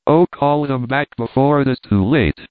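A man's voice: medium pitch, normal speed, dry recording, lightly acted. Man reading as a frightened young page. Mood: fearful pleading. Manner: pleading, old-fashioned speech. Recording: dry phone-like sound.

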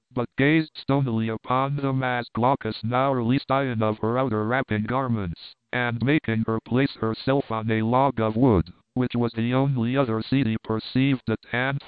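A man narrating a classic novel in a measured, formal reading. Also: mid-range voice, smooth, no room sound. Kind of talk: audiobook narration. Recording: tinny phone-like dry sound.

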